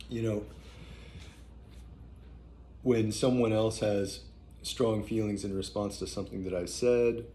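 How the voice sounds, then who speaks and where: A man talking casually and thoughtfully as a parenting teacher, halting often with fillers and restarts. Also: lowish voice, mellow, slight background noise. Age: adult parent. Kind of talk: casual spoken reflection.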